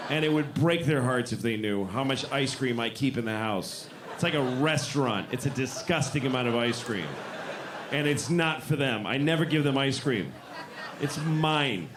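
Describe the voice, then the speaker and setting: Stand-up comic, man in his forties, exasperated deadpan delivery, live club recording with background noise. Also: medium pitch, normal speed. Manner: deadpan, exasperated, talks back to a heckler. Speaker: stand-up comedian. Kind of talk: stand-up set. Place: comedy club stage. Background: audience laughter.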